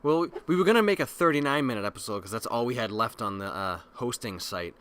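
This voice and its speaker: A man's voice: medium pitch, expressive, quick pace, fairly bright tone, clean tone. A man in his thirties hosting a podcast, chatting casually, joking and swearing loosely. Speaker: podcast host. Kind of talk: casual chat.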